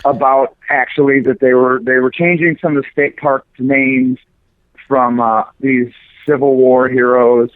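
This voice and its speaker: A man tears into people in a crude, profane rant while co-hosting a talk show. His voice comes through a thin, phone-like line with a dry, close sound and sits at an ordinary middle pitch. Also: level tone, measured pace, no echo. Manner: profane, ranting, mocking. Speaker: podcast co-host. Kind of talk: crude casual banter.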